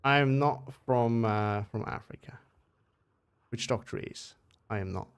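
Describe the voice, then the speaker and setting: A man's voice: medium pitch, a little slow, clean tone. A young Swiss man streaming a game, speaking English as a second language with a mixed British-American accent, rambling and correcting himself as he chats with viewers. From Switzerland. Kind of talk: casual live-stream chat.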